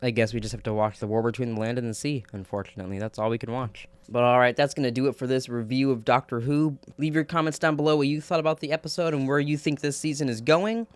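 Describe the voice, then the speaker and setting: A man giving a casual spoiler review of a TV episode, excitable, swearing a lot and laughing often. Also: medium pitch, quick pace, few pauses, smooth, no echo.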